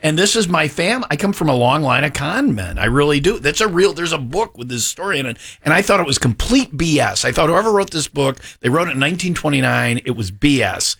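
A man hosting a casual chat, telling stories in an animated, talkative way. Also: on the high side, brisk, vocal fry, few pauses, husky. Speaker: show host.

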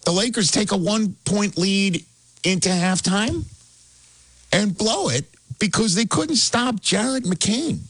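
A man hosting casual sports talk, animated and excitable, laughing as he tells it. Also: high-pitched, takes it slowly, slightly rough, no echo. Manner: animated, excitable, laughs while telling stories.

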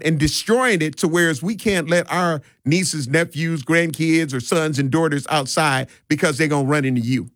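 A man's voice: on the high side, fairly bright tone, dry recording, studio quality. A male radio talk show host giving emphatic, preachy commentary, repeating his points for effect. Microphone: studio microphone.

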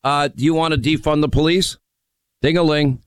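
A man's voice: a little high, steady tone, fairly quick, clean tone, no echo. A man hosting a call-in radio show, needling and mocking a caller in a brash, combative way. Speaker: radio talk show host. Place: radio studio.

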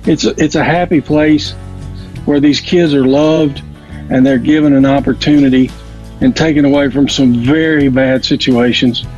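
A man's voice: mid-range voice, steady tone, moderate pace, a little mellow. A man making a casual on-air appeal for donations, rambling and often repeating his words. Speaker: radio guest appealing for donations. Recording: dull lo-fi audio with faint music.

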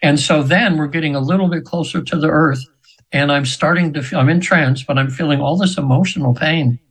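A man's voice: on the high side, brisk, fairly bright tone, breathy edge, low-quality recording. Earnest rambling older man. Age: 70s. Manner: earnest, meandering, with frequent restarts. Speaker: radio show guest. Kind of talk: rambling spiritual storytelling.

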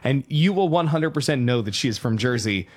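A man's voice: mid-range voice, animated, fairly quick. A man hosting a morning radio show, delivering upbeat, joking commentary. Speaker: radio host.

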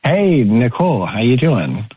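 A man on a radio show making a nervous phone call, hesitant and halting. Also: medium pitch, very animated. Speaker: caller. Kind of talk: casual phone chat.

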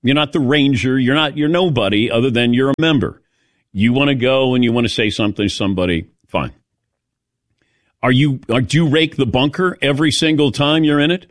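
A man's voice: medium pitch, brisk, no echo, clean studio sound. A man hosting a casual sports talk show, telling stories in a chatty, sarcastic way. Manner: chatty storyteller with a sarcastic edge. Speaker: radio sports talk host.

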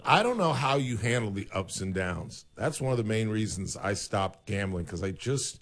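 A man's voice: on the low side, very animated, normal speed. A man hosting a show, chatting casually with a guest and reacting in short replies. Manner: brief reactive interjections. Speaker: show host. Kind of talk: casual chat.

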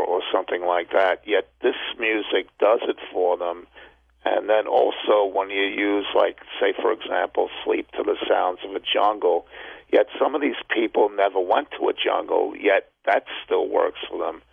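Low raspy guy on a crackly phone call, kinda rambling. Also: steady tone, normal speed, no echo. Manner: rambling, hesitant. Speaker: caller. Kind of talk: calling in to a radio show. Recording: tinny phone line, dry.

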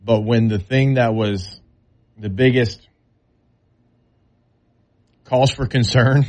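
A man's voice: mid-range voice, steady tone, slow, darkish tone. A man talking football in a casual, drawling way, with loose everyday grammar, as a sports talk co-host.

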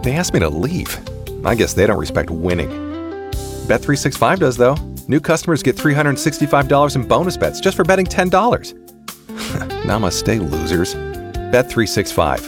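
A man delivers a comic radio ad with smug, deadpan timing. His mid-range voice rises and falls widely. Plucked guitar music is clearly heard behind him. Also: medium pitch, a little fast. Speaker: ad announcer. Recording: music bed under the voice.

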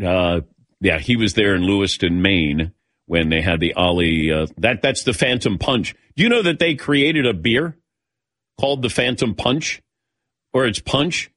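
An older man hosts a casual sports talk show, spinning long stories and calling on his co-hosts by name. His voice is fairly low and a bit bright, his pace unhurried, and the recording has no echo.

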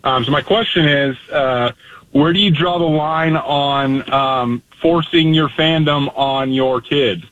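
A man's voice: fairly high pitch, slow, fairly bright tone. A young man calling in to a radio show, asking his question hesitantly with many fillers. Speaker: caller. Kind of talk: phone-in question. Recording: dry, muffled call-in line.

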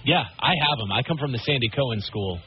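A man's voice: mid-range voice, lively intonation, fast talker, highs cut off. A man co-hosting a radio show, chatting casually with rambling asides. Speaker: radio co-host.

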